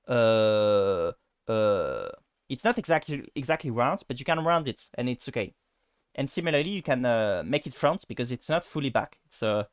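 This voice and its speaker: A man's voice: medium pitch, dry recording, clean studio sound. A man with a French accent and French as his first language, giving a casual pronunciation lesson with many fillers and restarts. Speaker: language teacher.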